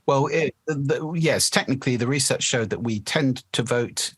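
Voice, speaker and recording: Husky low-voiced guy on a podcast, teaching voice stuff, shows off different resonances, dry close sound. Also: normal speed, fairly bright tone, no echo. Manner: demonstrative, shifts resonance to show voice placement. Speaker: guest speaking coach. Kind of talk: podcast interview, explanatory.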